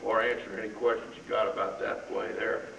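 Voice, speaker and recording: A man's voice: on the low side, flat delivery, a little fast, gravelly, fairly bright tone, highs cut off. An older male football line coach telling a folksy story, then calling out blocking drills to players on a practice field. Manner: folksy yarn-spinner, barks drill commands. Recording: roomy, distant camera audio with noise.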